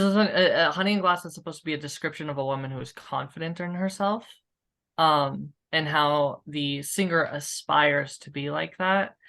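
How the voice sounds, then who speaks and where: A woman's voice: low-pitched, a bit bright. Thoughtful, hesitant young-sounding woman. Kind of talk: casual panel chat.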